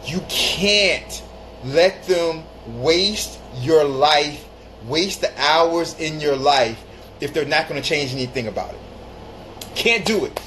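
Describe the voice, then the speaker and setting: Male live-stream host, slightly high voice, blunt and emphatic, repeats lines for stress, faint hiss behind. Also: slow, fairly bright tone, rough recording. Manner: greets viewers mid-talk. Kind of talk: casual live-stream advice monologue.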